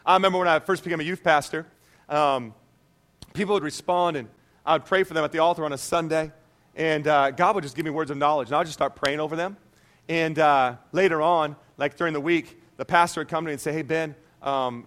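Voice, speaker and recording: A man preaching a sermon as pastor, animated and conversational, often checking in with "okay?". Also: on the high side, fast.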